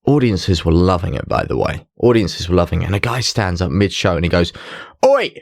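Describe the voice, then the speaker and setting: A man's voice: low-pitched, fairly quick, gravelly, no echo, clean studio sound. A man, a mentalist, telling a story on a chatty podcast with lots of laughs. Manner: animated, laughs while telling stories. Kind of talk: casual storytelling chat.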